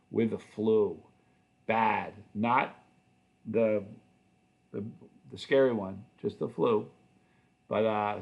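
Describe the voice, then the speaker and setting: Gravelly-voiced guy rambling thru viewer comments on his stream, friendly, keeps restarting. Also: mid-range voice. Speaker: channel host. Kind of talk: livestream chat answering viewer questions.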